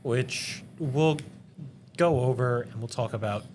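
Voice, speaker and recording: A man's voice: medium pitch, slow, a little mellow, a little hiss or hum. A man hosting a loose, joking podcast chat with friends, swearing freely. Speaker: podcast host. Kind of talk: casual chat.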